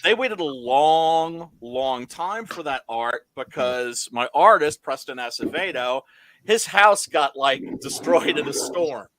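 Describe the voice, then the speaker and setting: A man chatting casually on a comics talk stream, telling stories in an animated, emphatic way. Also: fairly high pitch, slow pace, slight background noise. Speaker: comic creator guest. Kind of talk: casual podcast chat.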